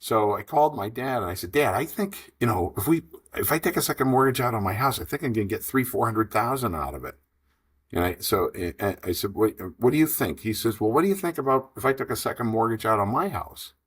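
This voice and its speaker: A man in his fifties telling a long business story in an interview, animated and rambling, acting out the dialogue. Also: medium pitch, a little fast, breathy edge. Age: 50s. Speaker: franchise investor guest.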